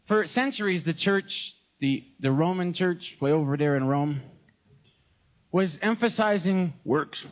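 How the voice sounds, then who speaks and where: A young American man in his twenties, giving a joking, animated sermon at a live concert and mimicking voices. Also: fairly high pitch, measured pace. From United States. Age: 20s. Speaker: gospel singer preaching.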